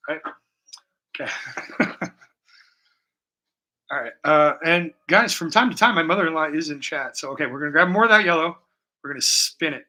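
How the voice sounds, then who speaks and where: A man's voice: on the high side, a little fast, long pauses, pushed and bright, rough recording. A man livestreaming a painting session, chatting casually with a joking, profane, rambling manner and breaking into snatches of song, heard through a laptop mic. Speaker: live-streaming painter.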